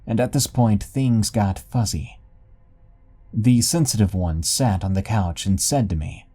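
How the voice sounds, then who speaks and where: A man narrating scary stories in a measured, dramatic storytelling way. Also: lowish voice, dark tone, slightly rough. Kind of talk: scripted horror story narration.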